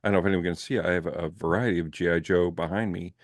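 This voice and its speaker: Deep-voiced playful male guest. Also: fairly even intonation, rapid-fire, no room sound, studio quality. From Canada. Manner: enthusiastic, playful, talks in bursts. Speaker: guest reviewer. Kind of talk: casual movie review chat.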